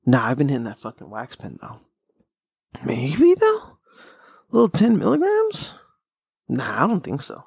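Male solo podcast host, gravelly and loose, cursing his way through rambling stoner chat into a close, dry mic. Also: a little high, wildly swooping pitch, unhurried, long pauses, a little mellow, no room sound. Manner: rambling, profane, laid-back stoner talk.

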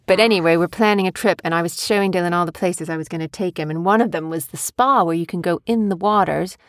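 A playful woman with a slightly low voice, quizzing her young child in a casual home podcast. She sounds close to a desk mic in a small room with a dry, dead sound. Her questions come teasing and quick. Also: dry recording. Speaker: podcast host. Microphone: desk USB mic.

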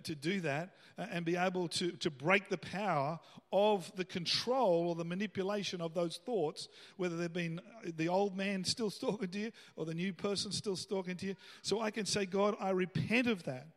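High-voiced male pastor preaching in a hall. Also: moderate pace, few pauses. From Australia. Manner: conversational preaching, rising to emphatic bursts. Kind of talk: sermon.

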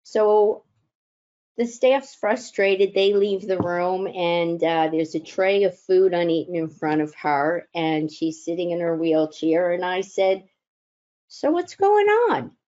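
A woman who works as a chaplain, telling personal stories in a gentle, reflective way with thoughtful pauses. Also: on the low side, fairly even intonation, highs cut off. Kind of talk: personal storytelling talk.

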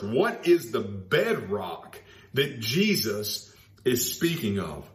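Man, sermon preaching, animated intonation, emphatic repetition. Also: medium pitch. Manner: emphatic, repeats key phrases slowly. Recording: roomy echo.

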